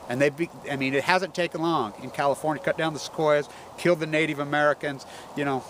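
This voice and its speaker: A man's voice: a little high, steady tone, fast talker, fairly bright tone. A man rambling outdoors about the environment, profane and agitated. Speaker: environmental activist. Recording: noisy outdoor recording with vehicle noise.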